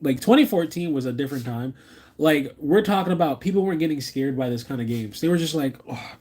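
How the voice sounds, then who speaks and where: Husky, excitable male streamer. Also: a little high, fast talker. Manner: rambling, excitable, restarts often. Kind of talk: live stream reaction commentary.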